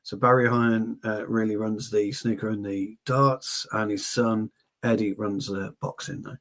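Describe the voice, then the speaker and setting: A man's voice: on the low side, flat delivery, a little slow, a bit bright. Chatty man co-hosting. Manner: chatty, repeats words for emphasis. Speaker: co-host. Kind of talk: casual livestream chat.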